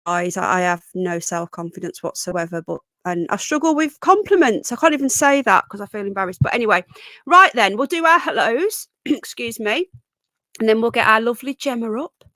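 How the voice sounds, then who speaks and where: A woman's voice: a little high, expressive, brisk, pushed and bright, dry recording, studio quality. A woman hosting a live stream, chatting and rambling as she greets viewers and often breaks off mid-sentence. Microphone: close desk microphone.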